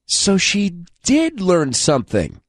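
A man's voice: high voice, huge pitch swings, slow pace, no room sound, studio quality. A man hosting a talk radio show, delivering a sarcastic monologue with mocking asides.

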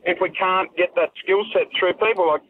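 A man's voice: high voice, fairly even intonation, brisk. Blunt Australian man on a phone line. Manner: blunt, repeats rhetorical questions. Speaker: caller. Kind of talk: talkback radio call. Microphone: telephone.

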